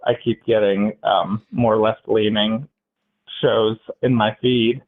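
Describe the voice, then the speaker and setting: A man from central Pennsylvania calling in to a political debate, talking in a halting, hesitant way with many fillers. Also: fairly low pitch, fairly even intonation. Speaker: caller. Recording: tinny phone-like line.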